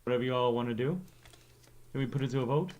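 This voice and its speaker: A man's voice: medium pitch, fast talker, a little mellow. A man chatting casually on a late-night livestream, rambling and reading aloud to his viewers. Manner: rambling, reads aloud with laughs.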